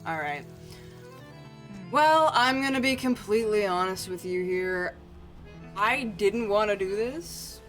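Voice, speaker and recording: A woman's voice: medium pitch, animated, normal speed, a bit bright, soft background music. A woman streamer giving casual, joking commentary as she plays, swearing freely and talking to herself.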